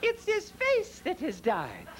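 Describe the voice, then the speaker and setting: A male drag comedian playing a haughty, catty older queen, grand and imperious, with sudden drops into a low voice. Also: huge pitch swings, slow pace, over music, exaggerated voice. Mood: cutting. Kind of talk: stand-up drag impression.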